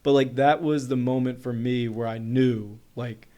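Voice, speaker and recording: This North Carolina man, in his thirties, is a podcast guest relating a story conversationally. His delivery is quick and lively, packed with "like" fillers, and his voice falls in the mid range.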